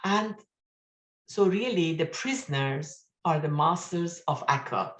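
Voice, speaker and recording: A woman giving an online talk, telling stories with excitement, acting out quotes, and laughing often. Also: low voice, a little slow, reverberant. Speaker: speaker at an online study session. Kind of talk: animated storytelling talk. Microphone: video call.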